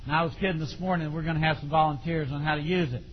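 A middle-aged man preaching a sermon in a folksy, animated way, with sudden shouts. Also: a little high, racing. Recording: dull lo-fi recording in a long-reverb hall.

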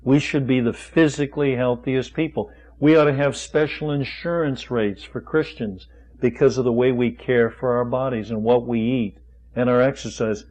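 A man's voice: medium pitch, steady tone, moderate pace, darkish tone, poor audio. A man preaching a sermon, firing off rhetorical questions with folksy asides.

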